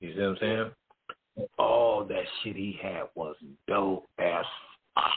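A man's voice: low-pitched, measured pace, vocal fry, breathy edge. A middle-aged man, a music promoter, telling a story as a guest in loose, slangy casual talk. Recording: tinny phone-like line.

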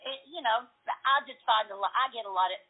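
Lady guest telling stories, kinda high voice, tinny phone sound. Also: a little fast. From Memphis. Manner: animated storyteller, acts out dialogue. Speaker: singer-songwriter guest. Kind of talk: casual interview chat.

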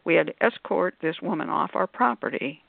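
A woman on a call-in show panel telling an animated story, acting out quotes and using many fillers. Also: on the low side, brisk, gravelly, dry recording. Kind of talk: casual storytelling. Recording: tinny phone-like line.

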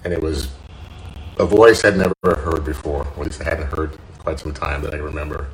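A deep-voiced man with a gravelly edge tells a heartfelt personal story in an earnest, halting manner, restarting phrases and repeating words. Faint hiss sits under his voice. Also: fairly even intonation, low-quality recording. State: choked up, tearful. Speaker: podcast host.

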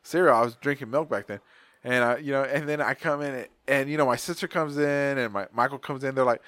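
A man's voice: medium pitch, steady tone, fast talker, a bit bright, no room sound. A man hosting a podcast, telling stories in a rambling, profane, slangy way. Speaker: podcast host. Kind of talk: casual chat.

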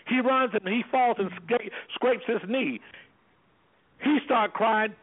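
A man's voice: very high-pitched, slow pace. A man working as an anger management specialist, speaking passionately in a panel discussion, with preacher-like rhetorical questions. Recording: phone-like band-limited audio.

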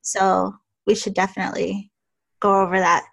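A woman's voice: medium pitch, level tone, normal speed, creaky, a bit bright. A woman hosting a podcast, talking in a conversational, reflective way. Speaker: podcast host. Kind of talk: casual chat.

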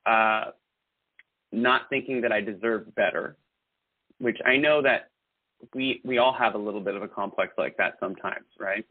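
A man guest-hosting a casual talk show speaks earnestly but rambles, restarting his sentences often. His voice is fairly low, with no echo, but it comes through a tinny, phone-like line.

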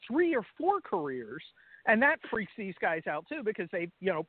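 A man's voice: sits high, big pitch swings, normal speed, slightly rough, dry recording. A middle-aged man from California, a guest on a talk radio show, talking in a blunt, combative and sarcastic way. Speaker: guest commentator. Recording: dry, tinny phone line.

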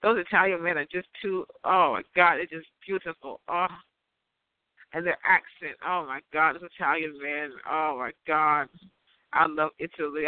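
Giggly high-voiced man on a tinny line. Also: smooth. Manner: giggly, rambling, breaks into high laughs. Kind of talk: rambling casual monologue. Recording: tinny phone-like sound.

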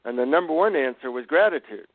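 A male psychotherapist and author telling an animated anecdote as an interview guest. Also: fairly high pitch, fast, no echo. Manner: animated, self-deprecating anecdotes. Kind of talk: conversational storytelling. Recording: dry, tinny phone-line sound.

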